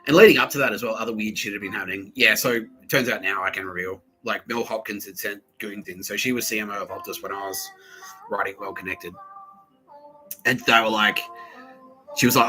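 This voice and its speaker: Over faint background music, a husky, lowish-voiced man in his thirties talks a little fast, hosting his podcast in an Australian accent. His casual monologue is a rambling, profane tale full of animated quoted voices, and the recording is low quality.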